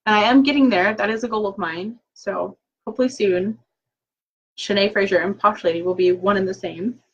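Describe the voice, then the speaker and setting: A woman's voice: mid-range voice, a little fast, husky, dull audio. A woman chatting casually and upbeat through a live-stream recap from her home office, full of fillers and quoted asides. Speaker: direct sales consultant. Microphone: laptop mic.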